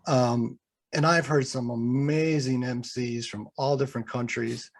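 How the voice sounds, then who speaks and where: A man from the United States, the podcast host, asks thoughtful interview questions in a relaxed way. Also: mid-range voice, measured pace.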